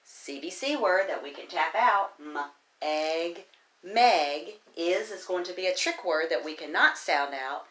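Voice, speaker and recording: A woman teaching a virtual kindergarten phonics lesson, speaking slowly and encouragingly and sounding out words letter by letter. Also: fairly low pitch, expressive, a bit bright. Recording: roomy echo.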